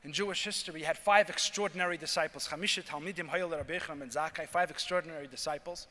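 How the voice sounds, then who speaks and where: A man, a rabbi, giving a talk at a convention and telling a story, acting out the lines of its characters with lively energy. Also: a little high, very fast. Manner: animated storyteller acting out dialogue. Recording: reverberant hall.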